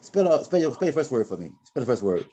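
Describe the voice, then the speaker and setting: A quick-speaking man with a drawl, leading a Spanish lesson. He repeats himself as he patiently walks students through corrections. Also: medium pitch, sing-song, dark tone, muffled recording. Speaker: Spanish teacher. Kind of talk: online class instruction.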